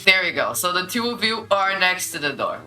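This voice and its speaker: Bright-voiced woman running a tabletop game. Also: on the low side, sing-song, a little fast. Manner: casual, laughing, describing traps with suspense. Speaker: game master.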